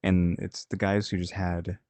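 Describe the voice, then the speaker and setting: A man's voice: deep voice, flat delivery, measured pace, darkish tone, no room sound. A man hosting a reaction video, chatting casually and rambling as he thinks aloud. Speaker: reaction channel host.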